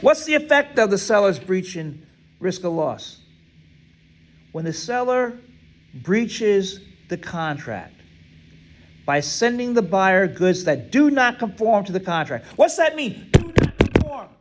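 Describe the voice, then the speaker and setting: High-pitched male instructor, classroom lecture, reads and quizzes students. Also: big pitch swings, slow, a little hiss or hum, poor audio. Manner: quizzing, reads text aloud and asks students to fill in words; repeats "right?" often.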